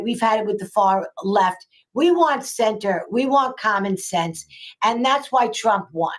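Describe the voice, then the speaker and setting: Emphatic older New woman. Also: mid-range voice. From New York, USA. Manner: emphatic, repeats phrases for effect. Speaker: guest, local politician. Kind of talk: casual political chat.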